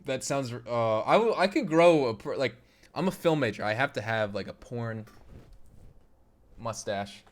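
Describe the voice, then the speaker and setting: A young man streams a game live and chats easily with his viewers. He talks at an average pitch in a loose, bantering way. He laughs often as he answers comments from the chat. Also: expressive, a little slow. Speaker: gaming streamer.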